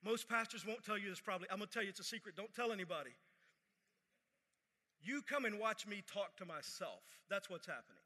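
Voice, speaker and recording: A man with a high, very bright and sharp voice preaches a sermon to a church congregation. He talks in a conversational way, repeating his phrases and dropping to a near hush to make a point. A long reverb trails each phrase. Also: lively intonation, brisk. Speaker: pastor. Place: church service.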